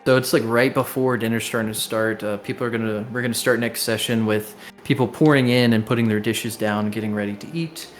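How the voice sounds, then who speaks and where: A man's voice: on the low side, a little fast, few pauses, faint music behind. Young man running a game, filler-heavy. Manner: rambling, relaxed explanations with many fillers. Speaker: game master. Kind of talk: running a tabletop game over voice chat. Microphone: online voice call.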